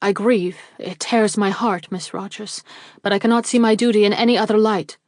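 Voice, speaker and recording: A woman voicing a grieving, formal gentleman who speaks in a measured way. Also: medium pitch, steady tone, no room sound, clean studio sound, natural voice. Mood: grave.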